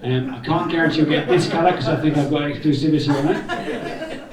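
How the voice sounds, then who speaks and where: With a crowd audible behind him, a man whose voice leans high and a little fast thanks a gathering as the event's organiser. His speech is casual, wandering a little, with jokey asides. He's heard from far off in a roomy indoor community hall.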